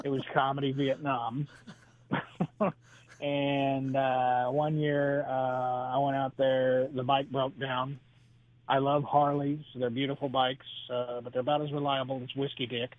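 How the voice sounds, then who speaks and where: A man who is a stand-up comedian telling his act in an interview, halting and full of "uh"s, chuckling between jokes. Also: medium pitch, flat delivery. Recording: dry tinny phone line.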